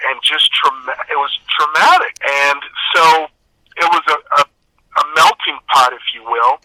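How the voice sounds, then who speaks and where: A man's voice: on the high side, sharp tone, no room sound, low-quality recording. A man from San Antonio with a Texan accent, a guest telling his life story in an earnest, emphatic way. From San Antonio, Texas. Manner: earnest, emphatic retelling with acted quotes. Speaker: interview guest. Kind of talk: personal storytelling.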